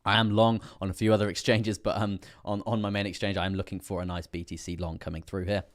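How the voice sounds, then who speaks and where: A man's voice: deep voice, level tone, fast. A young British man hosting a crypto livestream, talking through price charts in a loose, rambling way with lots of fillers and a slightly strained voice. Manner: rambling, repeats fillers and "coming through there". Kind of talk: live trading chart analysis.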